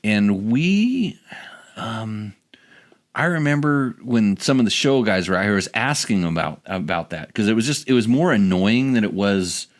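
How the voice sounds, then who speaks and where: A man's voice: fairly low pitch, lively intonation, moderate pace. A man hosting a casual podcast chat, rambling and restarting his sentences as he goes. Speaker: podcast host.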